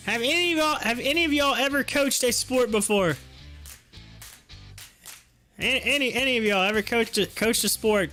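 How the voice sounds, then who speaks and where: A man hosting a casual stock market livestream, chatty and excitable, laughing often as he talks. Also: extremely high pitch, moderate pace, faint music behind. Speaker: stock market livestream host and youth football coach.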